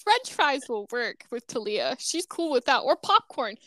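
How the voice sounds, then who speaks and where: A woman in casual chat, telling stories with animated delivery and acting out what other people said. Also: high-pitched, measured pace, no echo. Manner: animated storytelling, acts out quoted people.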